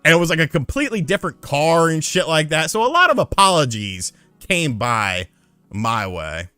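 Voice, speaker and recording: Male streamer, casual profane storyteller; lively swooping pitch, dry close sound. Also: normal speed, clear, resonant tone, no echo, soft background music. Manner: profane, animated, acts out dialogue.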